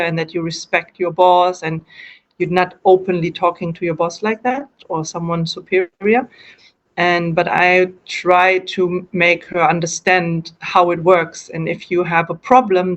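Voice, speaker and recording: A woman from Germany with a German accent, answering interview questions in English in a casual, hesitant way, often restarting and correcting herself as she explains. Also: fairly low pitch.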